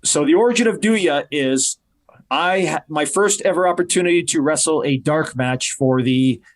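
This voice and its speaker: A man with a slightly high voice tells a long backstage story on a podcast. He is a wrestler guest in his forties, chatting casually. He jumps into the voices of the people he quotes as he goes. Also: moderate pace. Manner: animated storyteller who acts out quoted voices.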